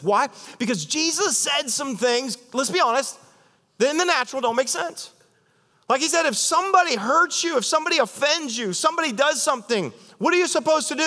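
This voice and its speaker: A male pastor preaching a sermon in a conversational, animated way, often asking the congregation questions. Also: a little high, in a large hall.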